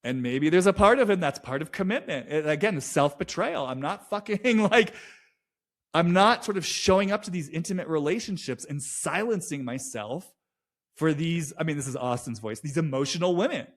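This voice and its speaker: A man's voice: on the high side, animated, moderate pace. Emotive man giving an intuitive reading. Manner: emotive, swears freely, voices what others feel. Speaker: intuitive reader commenting on a reality show. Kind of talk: casual commentary.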